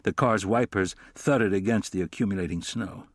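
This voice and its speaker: A man giving a measured, descriptive audiobook narration. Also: on the low side, no echo, clean studio sound. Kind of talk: scripted narration.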